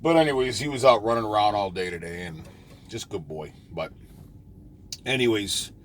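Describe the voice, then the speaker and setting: A man's voice: fairly low pitch, normal speed, slight background noise. A man who drives a truck, chatting casually in a rambling vlog with many fillers and restarts, parked near a truck stop.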